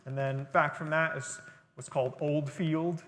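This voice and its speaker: A man's voice: fairly high pitch, steady tone, a little slow, fairly bright tone, slight background noise. Man lecturing in a reverberant hall. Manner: explanatory, conversational lecturing with fillers. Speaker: guest speaker. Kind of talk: library lecture on gardening. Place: library talk room.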